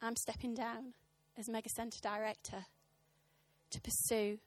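Woman in her thirties, sermon, high bright voice, dry close sound, punchy comic storytelling. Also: unhurried, dry recording. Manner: animated, impassioned, punchy comic timing. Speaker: preacher. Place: church service.

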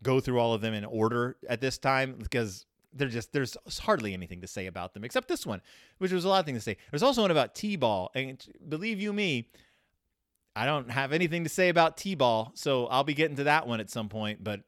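On a casual podcast, a man delivers a brisk, rambling, sarcastic monologue about a children's book. His voice swings animatedly in pitch and loudness over a dry, studio-quality recording.

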